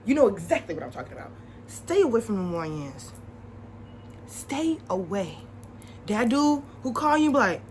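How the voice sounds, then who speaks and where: A young woman vlogging, chatting casually to the camera with advice, animated and repeating her points for emphasis. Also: sits high, normal speed, slight background noise, rough recording.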